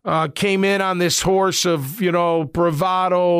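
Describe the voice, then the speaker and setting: A man's voice: high-pitched, steady tone, measured pace, fairly bright tone, smooth, no echo, clean studio sound. A middle-aged man, a former football player, giving casual sports commentary in a blunt, rambling way with lots of fillers.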